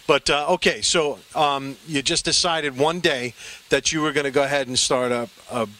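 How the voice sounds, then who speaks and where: A male TV host with a bright, forward voice and a middle-range pitch. He talks in a chatty, effusive, rambling way while interviewing people at a brewery. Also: steady tone, moderate pace. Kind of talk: on-location interview.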